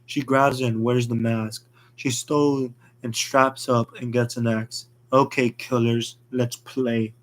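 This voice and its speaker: A man narrating a fan horror story in a plain, rushed reading with slips. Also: medium pitch, little pitch movement.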